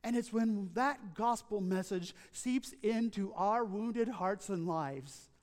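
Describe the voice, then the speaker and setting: A man's voice: high-pitched, slow pace, darkish tone, big-room sound. A man preaching a sermon with rhythmic, building repetition, then reading a story aloud. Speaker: pastor.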